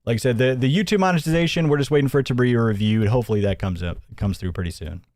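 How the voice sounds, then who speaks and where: A man's voice: mid-range voice, racing, a little mellow, no echo, studio quality. A man hosting a livestream, rambling and mocking as he comments and thanks viewers, often chuckling. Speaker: host.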